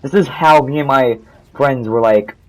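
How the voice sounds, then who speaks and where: A man's voice: medium pitch, normal speed, rough recording. A young man telling a storytime in a profane, rambling, angry rant, swearing constantly and restarting his sentences. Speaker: vlogger.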